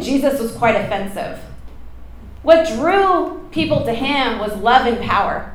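A woman preacher giving an informal, emphatic sermon, animated and often laughing. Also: sits high, a little slow, roomy sound, slight background noise.

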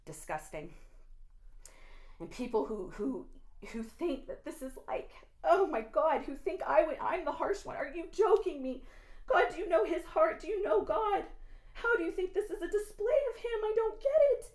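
A young woman with a high voice preaches a fiery sermon. She drops into low, intense scolding, then breaks into loud, laughing outbursts. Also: animated, moderate pace. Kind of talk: impassioned sermon.

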